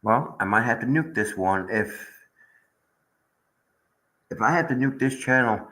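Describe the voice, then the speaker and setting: A man's voice: medium pitch, lively intonation, measured pace, pauses often, pushed and bright, poor audio. A man hosting a casual livestream chat, rambling and aggrieved as he talks to viewers in the chat. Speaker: channel host.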